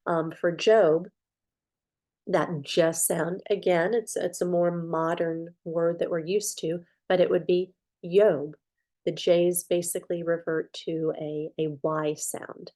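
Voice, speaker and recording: A woman's voice: fairly low pitch, little pitch movement, a little slow, dark tone. A woman introducing herself as narrator of a yearly Bible reading, talking casually with fillers and restarts.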